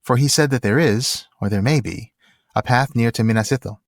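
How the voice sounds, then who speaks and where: A man's voice: medium pitch, fairly quick, dry recording, clean studio sound, lightly acted. A man reading a novel aloud and voicing a polite, cautious young male traveler in a plain, careful way. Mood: earnest.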